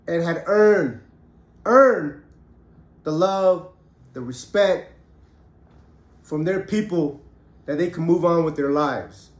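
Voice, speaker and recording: A man's voice: on the high side, darkish tone, roomy sound. A middle-aged man and former prisoner telling his own story bluntly and with heat, swearing freely. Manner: blunt, profane, emphatic, heated. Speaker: ex-convict storyteller. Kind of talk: candid personal storytelling.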